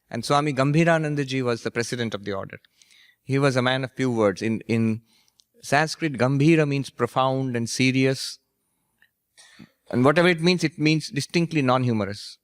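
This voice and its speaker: Monk guy lecturing with little stories, mid pitch, dry sound, chuckles a lot. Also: fairly quick, dry recording. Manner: anecdotal, gently humorous, laughs at his own stories. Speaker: monk and spiritual teacher. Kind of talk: storytelling lecture.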